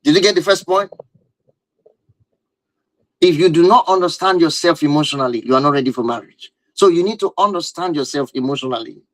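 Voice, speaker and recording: A man's voice: fairly high pitch, brisk, fairly bright tone, no echo, low-quality recording. A man giving a live-stream talk on relationships and marriage, emphatic and driving his points home with repeated rhetorical questions.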